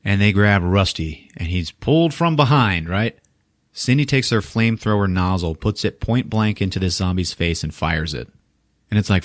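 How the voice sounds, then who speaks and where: A man hosting a podcast, recapping a movie casually with animated retellings, acting out the characters' lines, laughing and swearing often. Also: on the low side, no room sound, clean studio sound. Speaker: podcast host.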